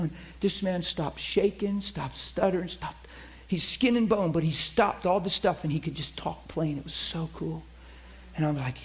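Male preacher, sermon storytelling, fairly high voice, soft and hushed delivery, dull lo-fi audio. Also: moderate pace. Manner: animated storyteller who drops to soft, hushed tones. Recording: dull lo-fi recording.

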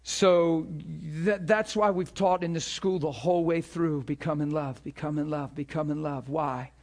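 A man preaching to a ministry school, telling a story with emphatic, animated delivery and acted-out dialogue. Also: normal speed. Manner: animated, emphatic, acts out dialogue with rising pitch. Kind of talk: sermon storytelling.

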